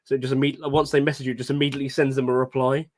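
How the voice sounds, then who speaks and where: A man's voice: mid-range voice, little pitch movement, very fast, no room sound. A man chatting casually with a friend, joking and teasing, laughing often. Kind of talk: casual chat.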